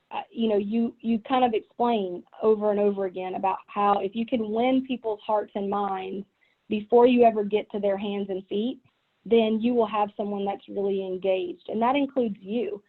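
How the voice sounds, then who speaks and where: A middle-aged woman with a Southern US accent giving an earnest leadership talk as a business executive, with frequent "um" and "you know" fillers. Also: medium pitch. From American South. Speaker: guest speaker, business executive. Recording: tinny phone-like line from online event.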